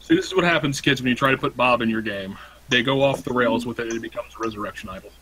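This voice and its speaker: Bright-voiced young man running a tabletop game. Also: medium pitch, fast talker, slight background noise, poor audio. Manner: laid-back, profane banter. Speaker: game master. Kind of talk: casual tabletop game narration.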